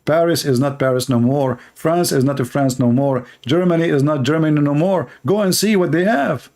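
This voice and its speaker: A man's voice: on the high side, darkish tone. Emphatic man hammering short repeated phrases. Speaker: channel host. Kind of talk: impassioned monologue.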